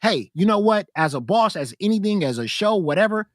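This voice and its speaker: A man's voice: high-pitched, sing-song, brisk, no echo, studio quality. A man arguing hard in a casual debate, confrontational, repeating himself to cut others off.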